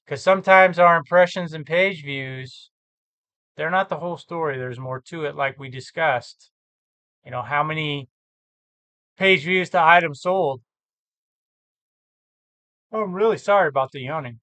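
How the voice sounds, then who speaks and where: Here a man's somewhat high, smooth voice has a sharp edge, and he takes his time, leaving long pauses. It's a dry recording of a casual screen-share walkthrough where he thinks aloud about his reselling sales figures, fixing his own slips along the way.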